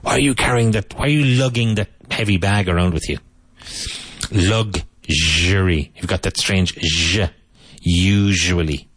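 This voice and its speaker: A man teaching English vocabulary to Spanish speakers, repeating each word slowly and explaining its pronunciation. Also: low-pitched, fairly bright tone, no room sound.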